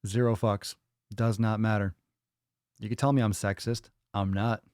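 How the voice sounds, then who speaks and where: A man's voice: fairly low pitch, little pitch movement, normal speed, darkish tone, clear, resonant tone, no room sound, clean studio sound. A man hosting a live fitness Q&A stream, blunt and profane as he answers chat. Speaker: fitness podcast host.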